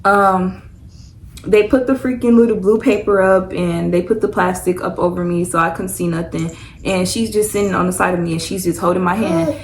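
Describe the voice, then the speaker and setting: A woman's voice: on the low side, steady tone, moderate pace, slight background noise, rough recording. A young woman telling a personal story to her viewers in a loose, rambling, chatty way. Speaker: vlogger. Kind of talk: casual storytime chat.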